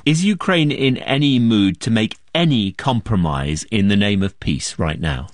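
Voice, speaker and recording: A man's voice: on the low side, animated, moderate pace, dry recording, studio quality. A man interviewing a politician for the news, pressing with probing questions.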